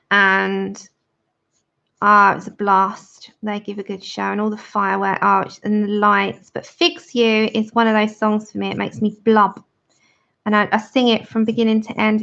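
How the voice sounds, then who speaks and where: Mid-range, gravelly, and fairly bright, this woman in her thirties colours alongside her livestream viewers. Chatty and giggly, she demonstrates her colouring and reads viewer comments aloud, though the stream's audio is dull and lo-fi.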